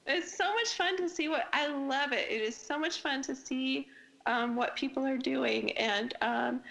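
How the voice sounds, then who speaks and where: A woman's voice: high voice, gravelly, fairly bright tone, low-quality recording. A woman author, a guest on a podcast interview, chatting casually and enthusiastically, with lots of fillers and restarts. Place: podcast recording.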